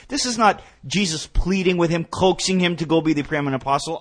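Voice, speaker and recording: A man co-hosting a theological radio discussion, speaking emphatically and building to forceful peaks. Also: high-pitched, animated, fairly quick, hardly any pauses. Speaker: radio show co-host.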